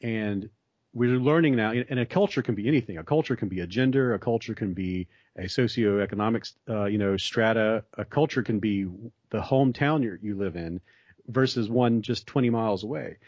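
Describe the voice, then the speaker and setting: A man's voice: on the low side, moderate pace, a little mellow, no room sound. A man in a conversation, explaining ideas at length in a thoughtful way with frequent restarts. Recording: dry, slightly dull sound.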